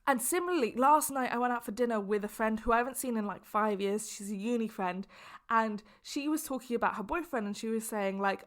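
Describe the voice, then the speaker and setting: A young woman hosting a casual solo podcast, an animated storyteller who exaggerates and laughs often. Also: on the high side, quick pace. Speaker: podcast host.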